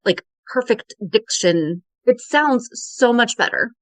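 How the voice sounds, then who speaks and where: A woman co-hosting a fan podcast, chatting casually with quick tangents and rhetorical questions. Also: on the high side, lively intonation, no echo. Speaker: podcast co-host. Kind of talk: casual chat.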